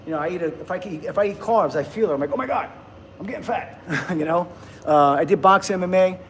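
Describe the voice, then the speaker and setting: Man in his fifties, casual livestream chat, upbeat and chatty, slightly high voice, faint background hiss. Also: quick pace. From United States. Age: 50s. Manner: chatty and upbeat, reading out viewer comments.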